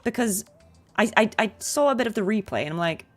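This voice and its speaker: A voice actress chatting casually on a game stream and answering viewer questions. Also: female voice, lowish voice, very animated, brisk, soft background music. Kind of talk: casual livestream chat.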